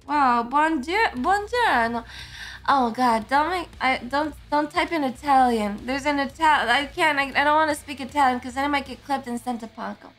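Sleepy, high-voiced woman streamer. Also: a bit bright. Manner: sleepy, slurring words. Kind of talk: casual livestream chat.

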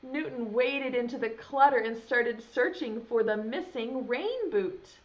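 A young preschool teacher reads a picture book aloud to small children from home for a video lesson, animatedly asking them questions. Her voice sits on the high side, and she keeps a measured pace with hardly any pauses. The sound is dull and lo-fi.

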